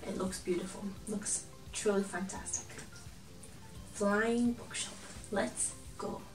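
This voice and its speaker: Reading a children's picture book aloud, a woman uses a gentle, expressive storytelling voice and pauses to chat with a toy friend. Her medium-pitched voice sounds far from the mic in a roomy, echoey space, with soft music faintly underneath.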